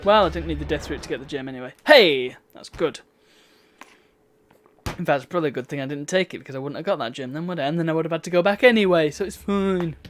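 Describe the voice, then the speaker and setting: A man's voice: fairly high pitch, fast talker, a bit bright, faint music behind. A man giving chatty, wry commentary while streaming a video game. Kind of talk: casual gameplay commentary.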